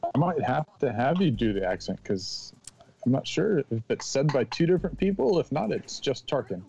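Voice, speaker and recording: Gravelly, dark-voiced male contestant. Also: medium pitch, big pitch swings, normal speed, highs cut off, faint music behind. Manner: self-deprecating, hesitant. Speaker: trivia contestant. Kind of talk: casual quiz answering.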